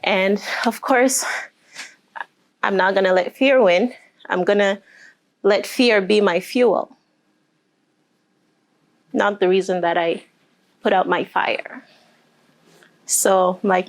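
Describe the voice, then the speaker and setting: A woman speaking as a motivational speaker, telling a personal story with emotion and then guiding a group through deep breaths and affirmations. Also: slow, long pauses. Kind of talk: motivational talk to a live group.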